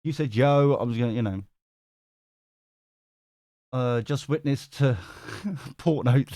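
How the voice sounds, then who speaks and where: A man's voice: medium pitch, slow pace, dark tone, no echo, studio quality. A man hosting a live tarot stream, chatting casually, laughing often and swearing now and then as he reads out chat. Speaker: tarot reader and stream host.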